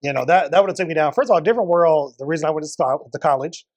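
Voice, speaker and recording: A woman hosting a casual interview podcast, asking questions in a relaxed way and affirming her guest often. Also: sits low, very fast. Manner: relaxed, lots of affirming backchannels. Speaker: podcast host.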